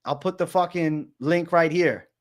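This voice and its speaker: A young man hosting a livestream, talking excitedly and repeating himself, swearing often and calling his viewers bro. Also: a little high, measured pace. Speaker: livestream host. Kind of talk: livestream commentary.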